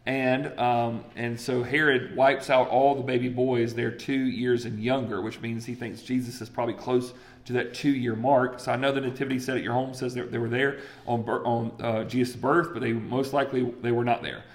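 A man's voice: medium pitch, normal speed, few pauses. A man preaching a sermon in a casual, conversational way, acting out voices and checking in with the congregation. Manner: conversational and animated, acts out voices, asks the crowd "right?". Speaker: pastor.

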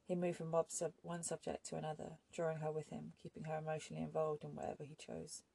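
A woman narrating an audiobook in a measured, even storytelling manner. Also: sits low, vocal fry, breathy edge, no room sound.

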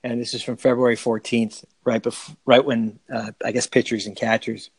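A man co-hosting a casual sports podcast, talking in an animated way with quick restarts and laughs. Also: mid-range voice, creaky, husky. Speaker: podcast co-host.

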